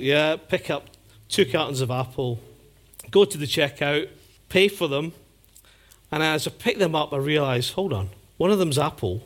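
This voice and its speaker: A man delivers a sermon in a fairly high voice. He tells his stories vividly and slips into different voices to act out each scene. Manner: storytelling, acting out scenes with lively voices. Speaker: preacher.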